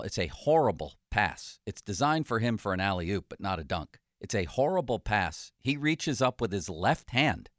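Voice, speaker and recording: A man, a sports journalist, chatting casually about sports in a lively, joking way. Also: on the low side, no room sound, studio quality. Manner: lively, joking, quick to laugh.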